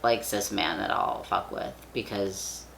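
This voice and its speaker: A man's voice: on the low side, unhurried, gravelly, sharp tone, a little hiss or hum. A young man vlogging in casual chat, rambling with lots of fillers and casual swearing. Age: young adult.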